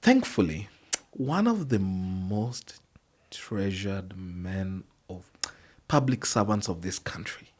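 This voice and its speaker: A middle-aged man with a Kenyan accent, telling a long story as a podcast guest in an animated, conversational way and slipping in Swahili phrases. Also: sits low, slow pace, breathy edge. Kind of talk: storytelling in casual chat.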